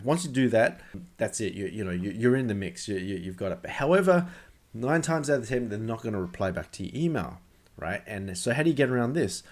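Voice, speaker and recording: A man's voice: lowish voice, a little mellow. A man coaching sales in casual talk to camera, emphatic and conversational, often repeating himself.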